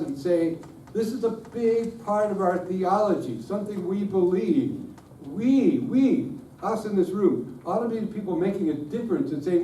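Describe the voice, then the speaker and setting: Warm in tone and sitting high, this middle-aged man's voice carries a conference talk about worship. He kids around with the audience and makes fun of himself, captured on a distant room mic that sounds roomy with a faint hiss.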